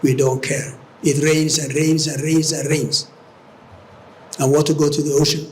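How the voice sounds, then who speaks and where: A man's voice: a little high, flat delivery, a little slow, a little mellow, a little hiss or hum. A man giving a public lecture in a university hall, rallying his listeners and repeating words as he searches for them. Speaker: guest lecturer.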